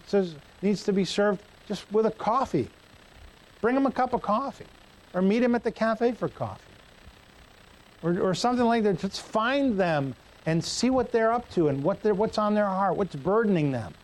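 A man's voice: sits high, normal speed, poor audio. A male pastor preaching a sermon in a church, conversational and joking with the congregation.

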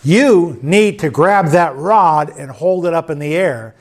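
A man's voice: fairly high pitch, a little slow. A man preaching a sermon in church, conversational and joking with the congregation. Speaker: pastor.

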